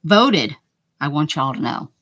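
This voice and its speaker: A woman's voice: lowish voice, moderate pace. Chatty woman with a northern US accent. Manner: chatty, mutters and whispers asides to herself; reads out and answers viewer chat. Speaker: craft livestream host. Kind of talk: casual chat while painting.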